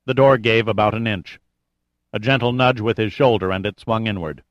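A man reading an audiobook in a measured, even storytelling manner. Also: on the low side, dry recording, dull audio. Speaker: audiobook narrator. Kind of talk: scripted narration.

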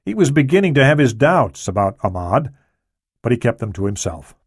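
A man narrating a thriller audiobook in a steady, matter-of-fact way. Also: medium pitch, normal speed, breathy edge, no echo, clean studio sound.

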